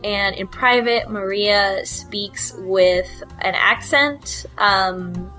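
Bright-voiced woman rambling in casual chat. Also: mid-range voice, extremely slow, faint music behind. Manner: hesitant, many fillers and giggles. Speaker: book club panelist.

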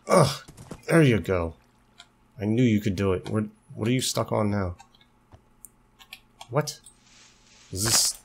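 A man's voice: fairly low pitch, a little hiss or hum. A young man casually commentating a game he is playing, chatty and jokey, talking to his horse and easily startled, while feeling a bit unwell. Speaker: let's play host.

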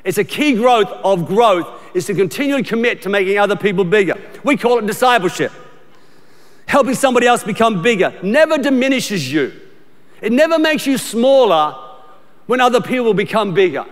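A man's voice: high-pitched, animated, a little fast. A middle-aged Australian man preaching a sermon as pastor, emphatic and repetitive, often restarting his sentences in a conversational way. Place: large church auditorium. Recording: long church hall reverb.

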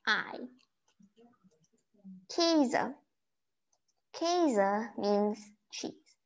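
A woman giving a simple German vocabulary lesson, slowly repeating each word so it can be pronounced. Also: medium pitch, lively intonation. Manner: slow, repeating words to pronounce them. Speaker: German teacher. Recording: dull lo-fi recording.

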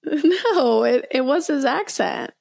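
A woman's voice: sits high, animated, takes it slowly, gravelly, a little mellow, dry recording, studio quality. A young woman co-hosting a podcast, telling a story in casual chat and often correcting herself mid-sentence. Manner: chatty storyteller, many self-corrections and restarts. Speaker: podcast co-host.

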